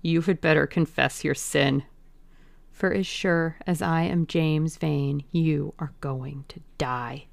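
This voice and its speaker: A woman doing a low whispering avenger. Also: steady tone, slow, creaky, no room sound, exaggerated voice. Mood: threatening. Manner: low growling threats, half whispered. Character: menacing vengeful sailor, young man.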